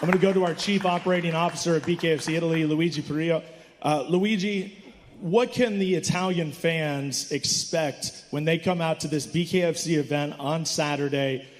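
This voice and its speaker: Hype guy running a fight presser, kinda high voice, crowd murmur in the back. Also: steady tone, normal speed. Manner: upbeat, hypes the fighters. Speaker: press conference host. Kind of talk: moderating a fight press conference. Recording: reverberant hall, faint crowd.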